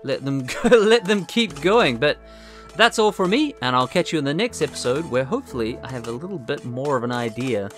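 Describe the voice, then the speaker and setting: A man's voice: medium pitch, animated, fairly quick, a bit bright, soft background music. A man giving casual, rambling gameplay commentary, talking to himself and making fun of his own skill. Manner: rambling, self-deprecating, talks to himself. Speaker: let's play host.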